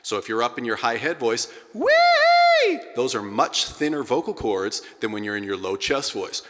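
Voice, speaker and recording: A middle-aged man teaching a singing class, energetic and breaking into sung sounds to demonstrate. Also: on the low side. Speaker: vocal coach. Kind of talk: singing lesson to a group. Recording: hall with long reverb.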